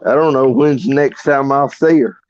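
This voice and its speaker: A man's voice: mid-range voice, normal speed, darkish tone. A man, talking in an earnest, folksy way on a livestream. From Arkansas. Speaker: livestream guest. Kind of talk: casual chat. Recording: dry, dull lo-fi audio.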